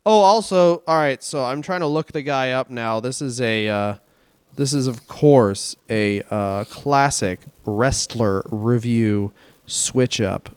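A man's voice: mid-range voice, slow, smooth, dry recording. Profane, rambling man from Canada, dry sound. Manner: profane, rambling anecdotal storytelling. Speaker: comedian podcast co-host. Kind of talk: casual comedic chat.

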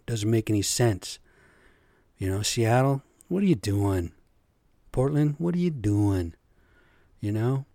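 A middle-aged man hosts a solo podcast, delivering a blunt, profane, exasperated rant of opinions straight to his listeners. His voice has a fairly low pitch and a warm tone, with no echo.

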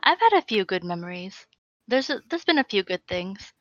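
A woman's voice: medium pitch, normal speed, no room sound. A woman guest chatting casually in an interview, telling stories with lots of filler words. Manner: chatty, filler-heavy, animated storytelling. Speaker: guest cosplayer. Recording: dull lo-fi audio.

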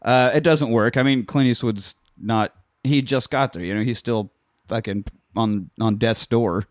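A man's voice: medium pitch, dry recording, studio quality. A man casually recapping a film with friends, swearing and briefly voicing the characters as he retells scenes. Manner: profane, retells scenes doing quick voices. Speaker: podcast host recapping a film. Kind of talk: casual movie recap chat.

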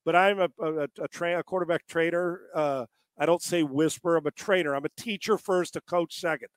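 Exasperated high-voiced quarterback coach, dry sound. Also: male voice, brisk, dry recording. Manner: exasperated, swears freely, mocks gimmicky training. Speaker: quarterback trainer. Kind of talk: casual profane storytelling.

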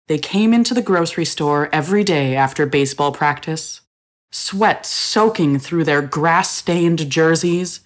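A woman narrating a story in a measured, expressive reading. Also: lowish voice.

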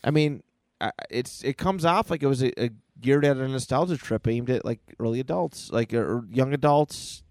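A man with a mid-range voice speaks in a casual podcast chat. He reasons slowly and hesitantly, restarting and repeating words often. The room sounds dry and close. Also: medium pitch, a little mellow, no room sound. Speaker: podcast co-host.

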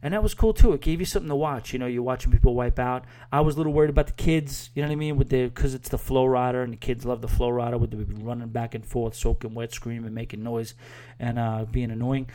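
A man's voice: mid-range voice, steady tone, fast, warm tone. A man hosting a podcast, giving a casual spoken review in a rambling, chatty way with lots of fillers and restarts. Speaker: podcast host.

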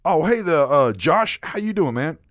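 A man's voice: fairly high pitch, sing-song, normal speed, fairly bright tone, voice pushed up. Man doing a dopey, spacey coworker. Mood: dopey friendly. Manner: dopey, stammering, overly friendly. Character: spacey forgetful male coworker.

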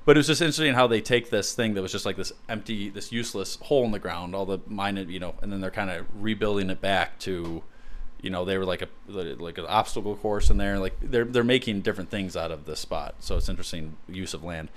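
A man's voice: deep voice, fast talker. A man co-hosting a podcast in casual chat, rambling with lots of fillers and restarts. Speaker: podcast co-host.

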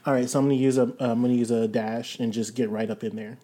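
Brief: player, chatty, halting, mid-pitched. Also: fairly even intonation, mellow. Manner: chatty, laughs, halting restarts. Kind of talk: tabletop game play.

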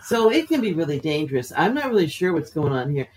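A man's voice: fairly high pitch, big pitch swings, fast talker, rough recording. A man co-hosting a podcast in casual chat who teases and laughs easily, then gives earnest advice.

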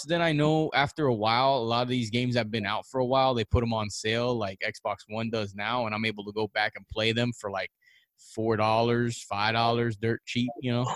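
A man hosting a casual podcast, easygoing and rambling, often restarting his sentences. His voice sits at an ordinary middle pitch. The sound is dry and close, with no room echo. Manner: laid-back, rambling with fillers and restarts. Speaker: podcast host. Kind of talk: casual chat.

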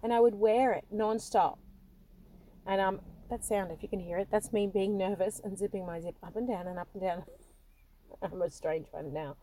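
A woman's voice: mid-range voice, normal speed, warm tone. A middle-aged woman telling self-deprecating personal stories, laughing often and restarting sentences nervously. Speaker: podcast host. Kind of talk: personal storytelling monologue.

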